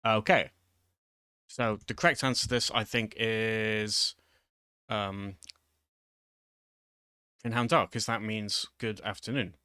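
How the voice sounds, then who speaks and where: A man's voice: fairly low pitch, fairly even intonation, takes it slowly, pauses often, bright, forceful tone, clear, resonant tone, no room sound, clean studio sound. A man casually explaining Welsh words while reading a quiz on screen, rambling with lots of fillers and restarts. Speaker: YouTuber teaching Welsh. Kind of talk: casual screen-share commentary.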